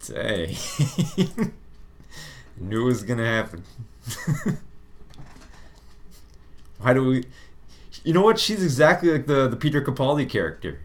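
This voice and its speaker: A man's voice: medium pitch, big pitch swings, slow, pauses often, a little hiss or hum. A man hosting a casual film review podcast, chatty, laughing often and repeating words as he starts sentences. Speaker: show host, film reviewer.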